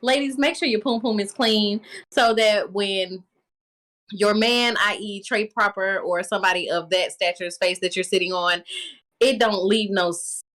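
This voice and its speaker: A woman's voice: medium pitch, steady tone, unhurried, fairly bright tone. A woman appears as a guest on a podcast and speaks in a blunt, jokey way. Her delivery is casual and conversational. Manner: frank, joking. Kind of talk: casual chat.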